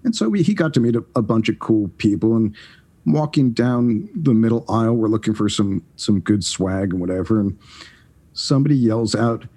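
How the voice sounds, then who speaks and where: Man, forties, husky voice, podcast guest, casual storytelling, animated, halting restarts. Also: lowish voice.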